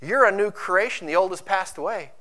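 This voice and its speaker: A man delivering a sermon in a slightly high voice. He drops to a hushed, intimate tone, then climbs into loud, urgent preaching, quoting scripture and acting out the voices in people's heads. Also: brisk. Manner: quotes scripture and acts out inner voices. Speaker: pastor.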